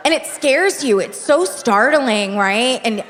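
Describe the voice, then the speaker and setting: A woman with a highish, slightly bright voice performs stand-up in a theater, speaking slowly with lively intonation and confiding in the audience as she checks in with them via a handheld mic. The live venue is reverberant, with faint noise.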